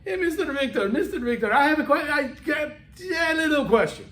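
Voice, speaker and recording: A man voicing a polite, puzzled Romanian special forces captain who asks halting questions, heard in an echoey room from a distant mic. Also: sits high, fairly bright tone. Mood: curious.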